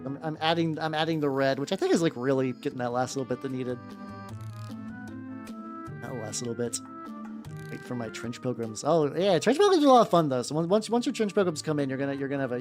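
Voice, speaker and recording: A fast-talking man with an expressive mid-range voice talks to his livestream chat as he paints miniatures, rambling along, swearing and repeating himself. Soft background music sits underneath.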